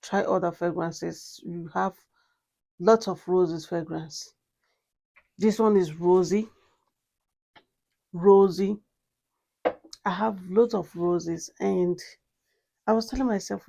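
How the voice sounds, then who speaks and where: A woman's voice: lowish voice, steady tone, takes it slowly, gravelly, long pauses, mellow. A woman reviewing a perfume in a casual vlog, gushing and repeating herself with many exclamations. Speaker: fragrance reviewer.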